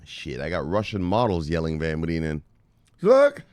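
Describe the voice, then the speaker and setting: Hosting a crypto news channel from Miami Beach, Florida, this man riffs in a casual, playful, hyped style with plenty of laughter. His voice is extremely low, fairly quick, and a little mellow, with no room sound.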